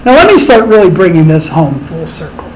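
A man's voice: on the high side, big pitch swings, brisk, darkish tone, slight background noise, low-quality recording. A middle-aged man preaching a sermon as pastor, emphatic and rising on his rhetorical questions.

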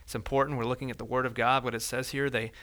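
A man preaching a sermon in a conversational way, walking through verses and acting out everyday scenes in lively voices. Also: medium pitch, quick pace. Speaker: pastor.

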